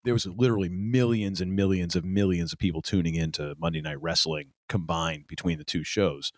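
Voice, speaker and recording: A man's voice: deep voice, fairly quick, no echo, clean studio sound. A man co-hosting a casual podcast chat, giving wry, opinionated asides. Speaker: podcast co-host.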